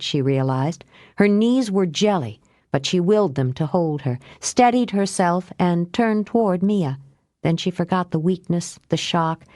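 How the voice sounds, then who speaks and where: Woman audiobook narrator, measured, lowish voice, slow, dry studio sound. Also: a little mellow, no room sound. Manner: measured, unhurried. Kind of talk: scripted narration.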